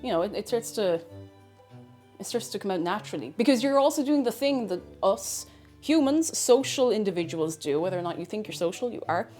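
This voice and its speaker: A woman's voice: medium pitch, animated, a little fast, darkish tone, faint music behind. A woman with an Irish accent, a streamer chatting casually while she cooks, rambling and often cutting herself off mid-sentence. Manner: rambling, chatty, self-interrupting. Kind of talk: casual chat while cooking.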